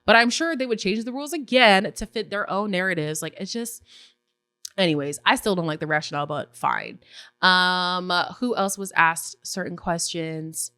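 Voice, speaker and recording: A woman hosting a casual recap podcast, opinionated and animated, often acting out what others said. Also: fairly low pitch, no room sound. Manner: opinionated, animated, acts out quotes in voices. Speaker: podcast host recapping a reality show.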